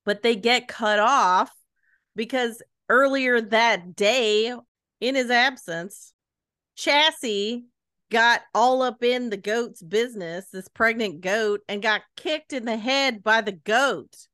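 A woman co-hosting a casual podcast, retelling a book's plot with lots of laughter and quick quoted voices. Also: a little high, a bit bright, clean tone, no echo, studio quality. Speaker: podcast co-host retelling a book. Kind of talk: casual chat.

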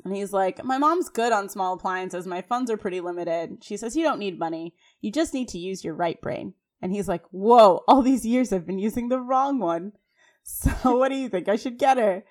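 A woman co-host talks through a TV scene in a casual, chatty way. She keeps the recap flowing with fillers and lively asides. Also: mid-range voice, normal speed, few pauses. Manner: chatty, animated retelling with frequent fillers and laughs. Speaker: podcast co-host.

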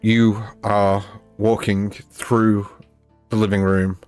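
A man's voice: lowish voice, little pitch movement, slow, darkish tone, clear, resonant tone, soft background music. A man acting as dungeon master, narrating a live-play tabletop game in an easygoing, descriptive way and prompting the players.

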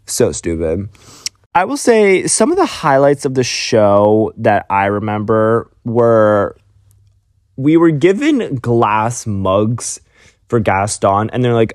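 A man's voice: medium pitch, sing-song, slow pace, no echo, clean studio sound. A young man telling a casual storytime, exasperated and sarcastic as he rants. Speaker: vlogger.

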